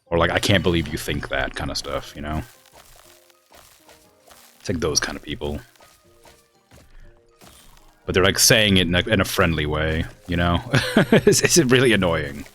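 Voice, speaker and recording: Streaming a game with soft music behind him, this West Coast American man speaks low at a moderate pace, with long pauses and a somewhat bright tone. His casual gaming chat rambles, packed with fillers and exasperation about family.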